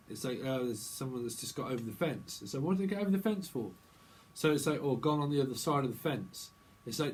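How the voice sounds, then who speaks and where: A man's voice: mid-range voice, animated, quick pace, slightly rough, rough recording. A man hosting a tarot channel, rambling through channeled messages in playful, free-associating wordplay and laughing often.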